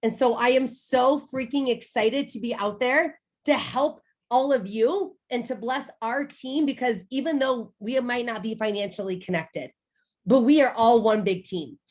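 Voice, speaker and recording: Woman, thirties, slightly high voice, motivational team speaker, emphatic and personal. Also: a little slow, darkish tone. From United States. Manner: emphatic, personal storytelling, addresses the audience directly. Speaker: guest speaker at a sales team training.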